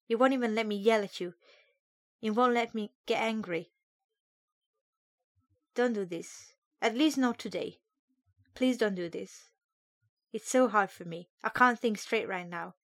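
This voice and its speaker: A woman reading aloud the monologue of a heartbroken young lover who pleads in a soft, subdued voice not to be left. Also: mid-range voice, dry recording, studio quality, lightly acted. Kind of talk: dramatic reading of a comic monologue.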